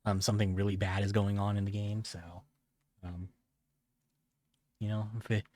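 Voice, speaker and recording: A man with a lowish voice chats casually over a game stream. He drifts along at an easy pace, halting often with fillers. The sound is close and dry, with no room around it. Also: flat delivery, a little mellow, no room sound. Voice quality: laid-back, halting with many fillers. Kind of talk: casual gameplay commentary.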